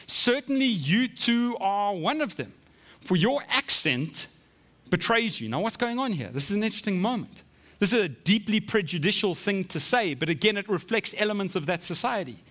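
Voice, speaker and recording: A man preaching a sermon in a conversational way, often checking in with the listeners with quick asides. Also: high-pitched, a bit bright. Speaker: pastor.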